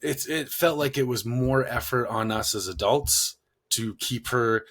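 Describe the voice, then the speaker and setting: A man's voice: mid-range voice, measured pace. Male podcast co-host, mid-range voice, loose rambling storyteller. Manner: rambling, many fillers, animated when quoting himself. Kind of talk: casual conversational storytelling.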